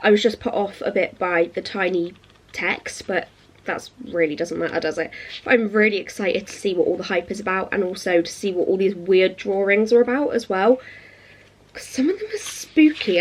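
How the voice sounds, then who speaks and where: A young woman, chatting excitedly in a casual reading vlog. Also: mid-range voice, slight background noise. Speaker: book vlogger.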